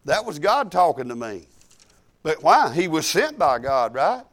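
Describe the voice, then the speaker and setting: A man's voice: a little high, sing-song, measured pace, fairly bright tone. A man preaching a storytelling sermon in a folksy, conversational way, chuckling now and then.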